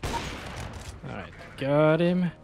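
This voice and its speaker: A man giving excitable gameplay commentary, laughing and yelping as he plays. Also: fairly high pitch, extremely slow, gravelly, background noise. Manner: excitable, yelps and laughs at in-game moments. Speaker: gaming YouTuber. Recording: faint game gunfire behind. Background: game gunfire and explosions.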